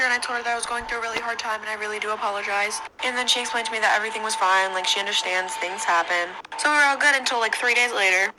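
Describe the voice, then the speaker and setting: Fast-talking young woman telling a story. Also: a little high, background noise. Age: young adult. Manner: rapid chatty retelling with frequent "like". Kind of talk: casual storytime monologue.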